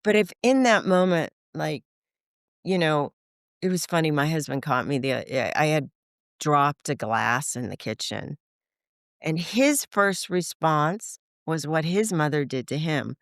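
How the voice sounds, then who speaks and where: An older woman speaking as a podcast guest, frank and animated, swearing casually and acting out the voices in her stories. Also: sits low, unhurried, dry recording, studio quality. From United States. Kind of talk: candid conversational interview.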